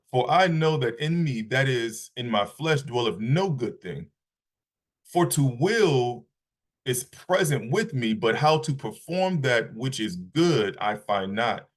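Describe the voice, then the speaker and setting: A man giving a Shabbat Bible lesson, reading scripture aloud and often restarting his sentences. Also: medium pitch. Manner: halting, repeats words, reads scripture aloud slowly. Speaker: Bible teacher.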